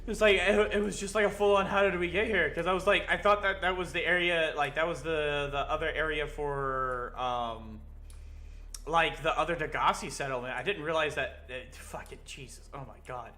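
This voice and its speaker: A young man giving casual, excitable commentary while playing a video game, swearing often and yelping when startled. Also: fairly high pitch, moderate pace. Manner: excitable, swears a lot, yelps when scared. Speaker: gaming video host.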